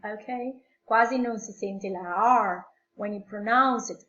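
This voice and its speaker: A woman English teacher with an Italian accent, explaining grammar slowly and patiently to young learners, repeating phrases and switching into Italian. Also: mid-range voice, fairly bright tone. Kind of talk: slow classroom explanation mixing English and Italian. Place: at home. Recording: echoey room, dull lo-fi sound.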